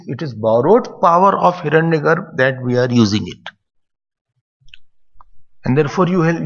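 Gravelly older Indian English spiritual teacher. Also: male voice, mid-range voice. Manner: conversational, digressive teaching, mixing in Hindi phrases. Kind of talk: scripture discourse. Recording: dull, echoey hall recording.

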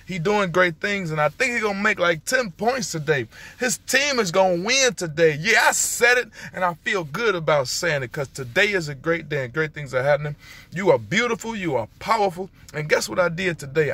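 A man hypes up his viewers with repeated affirmations while filming himself outdoors by a street. His voice sits slightly high and the handheld phone picks up the open air around him. He swings easily into excited running commentary. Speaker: motivational vlogger. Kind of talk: upbeat motivational vlog.

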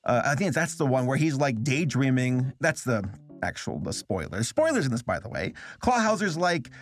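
A man's voice: mid-range voice, big pitch swings, normal speed, soft background music. American male reviewer, casual rambling commentary, mid-range voice. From United States. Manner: loose, joking, rambling with fillers. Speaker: online film reviewer.

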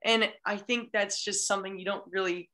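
A woman's voice: medium pitch, steady tone, moderate pace, pushed and bright. A young woman, a college beach volleyball player, chatting as a podcast guest in a gushing, enthusiastic way with many restarts. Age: young adult. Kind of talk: casual chat.

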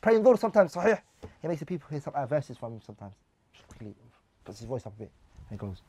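A man's voice: on the high side, sing-song, quick pace, long pauses, husky, no room sound. A man teaching a religious class, reading lines of Arabic text and then explaining them in English while putting questions to his listeners.

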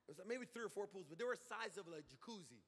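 A male pastor preaching a sermon to a congregation, building to loud shouted calls and asking the crowd to answer back. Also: high voice, expressive, very fast, slightly rough, in a large hall. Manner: preaching with rising shouts and call-and-response. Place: church sanctuary.

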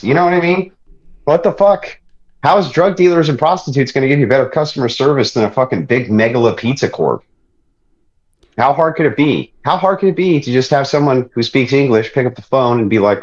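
A man's voice: medium pitch, expressive, brisk, dull audio. A man from Ireland hosting a podcast, ranting and joking in a profane, exasperated, mocking way. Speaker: show host.

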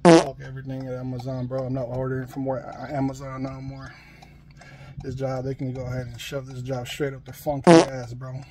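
A man's voice: medium pitch, completely flat delivery, moderate pace, dark tone. A man, a delivery driver, venting to his phone camera about his job, out of breath, frustrated and swearing as he talks. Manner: frustrated, ranting, swearing, repeats himself. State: out of breath and sweaty. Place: in a delivery van.

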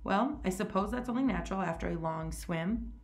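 A woman with a low, gravelly natural voice lifts it slightly to play a smooth, threatening aristocratic hunter, a man whose genteel politeness drips with mockery. She moves fairly quickly and keeps the acting light.

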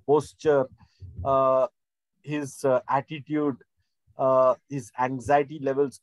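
Middle-aged pastor rambling through a sermon, highish voice, dry close sound. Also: male voice, no echo, low-quality recording. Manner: rambling, repetitive, many fillers and restarts. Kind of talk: sermon teaching.

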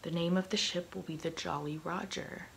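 A woman's voice: lowish voice, fairly even intonation, normal speed, vocal fry, slight background noise, poor audio. A woman whispering a vain, short-tempered male pirate captain in a whispered role-play. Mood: gruff.

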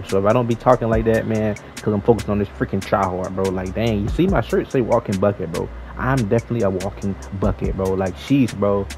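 A young man giving slangy, excitable trash-talk commentary over his own basketball video game play. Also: lowish voice, low-quality recording. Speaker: gaming YouTuber. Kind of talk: live gameplay commentary.

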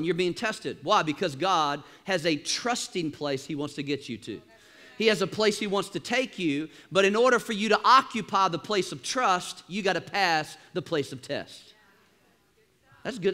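Guy preaching in church, animated, high bright voice, gets loud then drops soft. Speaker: pastor. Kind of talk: sermon. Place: church auditorium.

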